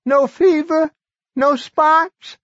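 A man voicing a feverish sick man with a hoarse, clotted voice, strained and urgent. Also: fairly even intonation, very slow, no room sound, muffled recording, exaggerated voice. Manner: high strained near-shouting.

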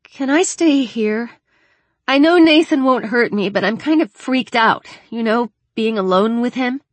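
Woman doing a blunt, tough teen girl for a storybook, brighter and higher than the narration, dry studio sound. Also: a little slow, no echo. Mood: weary. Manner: blunt and chatty, swearing casually.

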